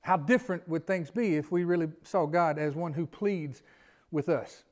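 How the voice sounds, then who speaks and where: A man's voice: on the high side, normal speed. A man preaching a sermon in a church, folksy in manner and often asking his congregation questions. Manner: folksy, asks the congregation questions, pleading rises. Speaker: pastor. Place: church sanctuary.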